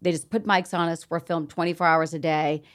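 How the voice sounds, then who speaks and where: A middle-aged woman from Atlanta with a Southern accent, telling stories as a guest in a casual interview, animated and laughing as she acts out quotes. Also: low voice, brisk.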